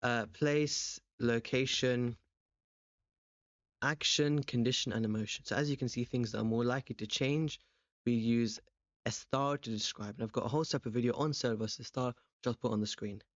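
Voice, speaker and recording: A young man teaching a language revision lesson, explaining step by step and putting quick questions to the viewer. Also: mid-range voice, steady tone, no room sound. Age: young adult. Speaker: language tutor. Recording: dull, slightly lo-fi close recording.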